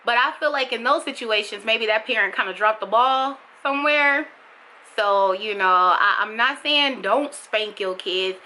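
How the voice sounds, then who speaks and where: A young adult woman speaks a little slowly in a candid vlog monologue, full of strong feeling and repeating herself for emphasis. When she mimics other people, her voice bursts high and loud. The recording is rough.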